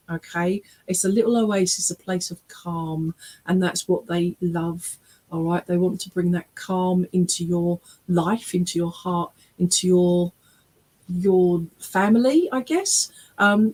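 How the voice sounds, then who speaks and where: A woman's voice: mid-range voice, poor audio. A woman working as a spiritualist medium, giving a reading in an online church service, chatty and often checking in with listeners. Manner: chatty and warm, often checking in with "all right?" and "okay?"; laughs often while talking.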